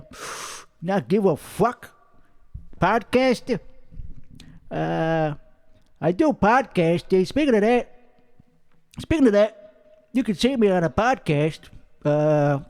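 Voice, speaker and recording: Man playing a brash, profane, clueless young guy persona; high voice, rambling comedic monologue. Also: animated, slow, long pauses, darkish tone, smooth, full character voice. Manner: profane, rambling, self-interrupting. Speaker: comedy character performer. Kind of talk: in-character rambling stand-up. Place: karaoke bar with colored lights.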